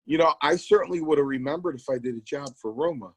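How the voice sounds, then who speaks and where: A man's voice: a little high, quick pace, slightly rough, no echo, poor audio. A middle-aged man co-hosting a podcast, telling rambling stories and acting out the lines of the people in them. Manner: rambling anecdotes with acted-out quotes. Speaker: podcast co-host, former wrestler. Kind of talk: casual storytelling chat.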